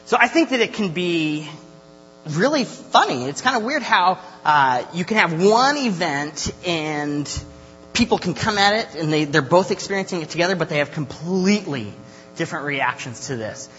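A man's voice: a little high, expressive, normal speed, a bit bright, soft background music. Chatty young man teaching in an echoey hall. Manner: chatty and joking, many filler uhs. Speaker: youth Bible study teacher. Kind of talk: casual Bible lesson with prayer and stories. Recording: reverberant lo-fi hall recording with faint hum.

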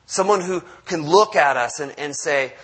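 A man's voice: on the high side, animated, normal speed, a bit bright, slightly rough. A man preaching a conversational sermon, acting out quotes and restarting often. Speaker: pastor.

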